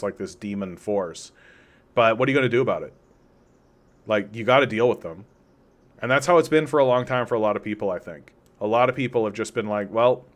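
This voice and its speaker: A Canadian man with a lowish voice hosts an unscripted political commentary stream. He talks casually and rambles, reading out chat comments and acting out imagined quotes in mocking voices.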